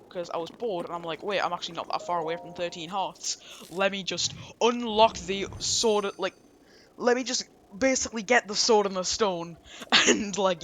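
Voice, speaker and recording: Bright-voiced chatty English guy gaming. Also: high voice, slight background noise. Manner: chatty, rambling, jokey. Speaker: gameplay streamer. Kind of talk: casual let's-play commentary.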